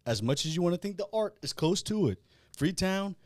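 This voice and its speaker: A man, hosting a casual podcast and talking in a blunt, profane, animated way. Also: high voice, fairly quick, no echo, studio quality. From South Louisiana. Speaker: podcast host.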